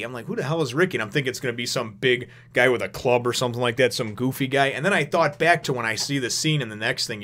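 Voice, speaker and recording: A man's voice: medium pitch, bright, forceful tone. A man rambling through a casual manga chapter review, swearing freely and laughing as he goes. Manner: rambling, profane, laughs often.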